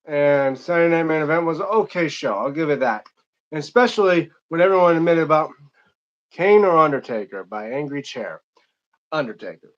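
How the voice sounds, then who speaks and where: A man's voice: on the high side, expressive, a little fast, muffled recording. A young man from Michigan hosting an unscripted live stream, reading chat comments aloud and answering them in a rambling, casual way.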